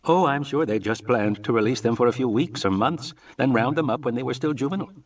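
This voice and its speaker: A man voicing a wry, lecturing male mathematician in an audiobook reading, with a husky voice. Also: medium pitch, recorded from a distance, close to an everyday voice. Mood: explaining. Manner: measured, explanatory.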